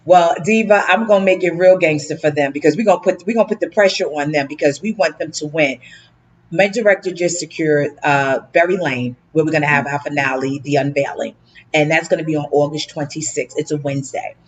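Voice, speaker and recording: A woman hosting a community talk show, talking in a hyped, slangy, fast way. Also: sits low, muffled recording. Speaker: host. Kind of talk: casual hosted talk show.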